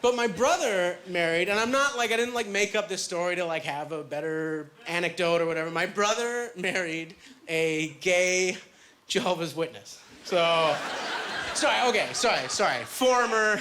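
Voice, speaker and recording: A man performing a stand-up comedy set on a club stage, chatty and self-deprecating, with plenty of filler words and quick asides. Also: sits high, bright, forceful tone, a little hiss or hum.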